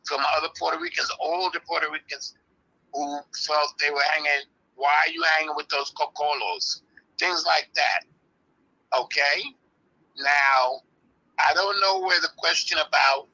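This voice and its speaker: An older man, calmly and firmly explaining history as an interview guest. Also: a little high, poor audio. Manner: firm, measured, explaining insistently. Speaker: interview guest, early hip-hop practitioner. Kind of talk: live online interview.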